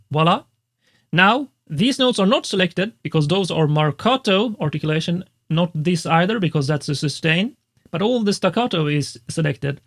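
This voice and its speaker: A man who is a music composer and educator, casually demonstrating software step by step in a tutorial, with frequent fillers. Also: high-pitched. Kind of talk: screen-recorded software tutorial.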